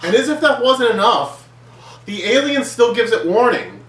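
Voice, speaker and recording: Male co-reviewer, crude dry asides, bright lively tone, roomy sound. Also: extremely high pitch, moderate pace, recorded from a distance. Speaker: movie reviewer. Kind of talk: casual comedic movie review chat.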